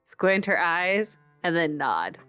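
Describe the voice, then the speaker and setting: A woman's voice: fairly low pitch, sing-song, slow pace, smooth, muffled recording, faint music behind. A woman playing a tabletop game, describing what her character does. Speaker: player. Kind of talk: casual tabletop play.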